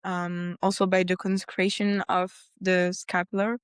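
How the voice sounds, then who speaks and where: A woman guest on a podcast telling her personal story earnestly, breaking into animated retellings and laughter. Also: on the low side, unhurried, clean tone, dry recording. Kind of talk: personal testimony in a conversation.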